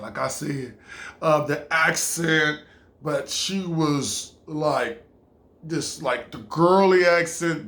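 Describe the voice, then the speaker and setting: A man with a high voice tells a casual story from his own life. He rambles, restarts, stacks up fillers, and stops to act out what people said. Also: vocal fry, fairly bright tone.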